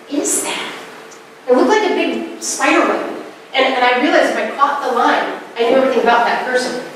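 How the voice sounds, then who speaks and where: A woman in her forties giving a spiritual talk, telling stories in a lively way and acting out quoted lines. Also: high voice. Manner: animated storytelling with acted quotes. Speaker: spiritual speaker. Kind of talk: conversational talk. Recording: echoey room, distant mic, faint noise.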